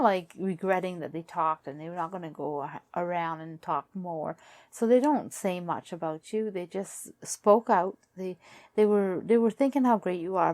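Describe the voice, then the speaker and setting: A woman giving a casual tarot card reading who is losing her voice, musing aloud in halting, repetitive phrases. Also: fairly low pitch, gravelly, darkish tone. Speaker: tarot reader.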